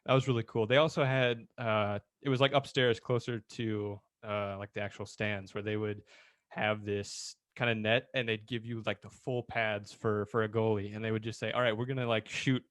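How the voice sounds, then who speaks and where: A young man telling stories on a podcast in a relaxed, casual way with some fillers. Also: lowish voice, moderate pace, dry recording. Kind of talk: casual chat.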